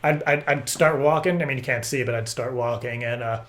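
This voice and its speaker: A man making a prank phone call, rambling and stammering through deadpan absurd stories. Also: medium pitch, brisk. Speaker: prank caller.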